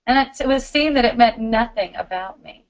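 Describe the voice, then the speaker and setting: A middle-aged woman hosting a live spiritual question-and-answer stream, talking in a warm, giggly, loving way. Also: on the high side, moderate pace, lo-fi sound.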